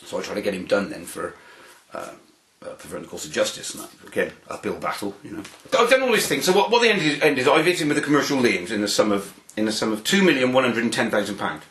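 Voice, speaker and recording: A man's voice: lowish voice, quick pace. Roomy-sounding man telling anecdotes. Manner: animated, repeats words when starting a phrase. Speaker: interviewee. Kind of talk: anecdotal storytelling.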